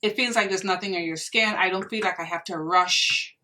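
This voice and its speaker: A woman's voice: mid-range voice, fairly quick, bright, forceful tone, recorded from a distance. A young woman reviewing makeup in a casual vlog, gushing and exclaiming to her viewers as if they were friends. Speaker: beauty vlogger.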